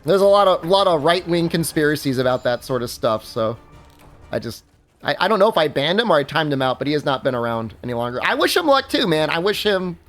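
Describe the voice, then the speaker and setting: Streamer, casual gaming chat, rambly and animated, lots of fillers, soft music underneath. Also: medium pitch, brisk. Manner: rambling, many fillers and restarts, laughs at own stories. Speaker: game streamer.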